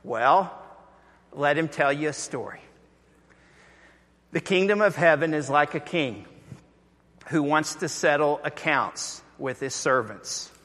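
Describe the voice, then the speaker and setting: Male pastor, bright voice, unhurried delivery; sermon in a big reverberant hall. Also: fairly high pitch. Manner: animated storytelling, acting out quoted voices. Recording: echoey hall.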